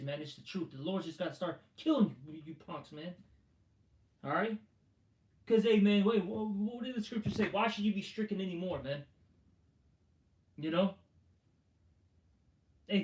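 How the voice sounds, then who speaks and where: Guy preaching rough and blunt, swears a lot, keeps tripping over words, pretty high voice, echoey room. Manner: profane, blunt, repeats "man" and "all right"; stammering restarts. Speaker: street preacher. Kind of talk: informal sermon with scripture reading.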